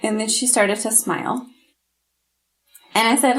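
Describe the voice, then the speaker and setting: A woman's voice: on the high side, steady tone, takes it slowly, long pauses, low-quality recording. A middle-aged woman, a podcast guest, telling a painful personal story in an earnest, heartfelt way. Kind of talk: candid interview storytelling.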